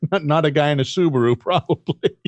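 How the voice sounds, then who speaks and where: A man's voice: a little high, no room sound. A man casually telling a long, rambling story on a podcast, swearing freely. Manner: profane, rambling, animated storyteller. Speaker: podcast co-host.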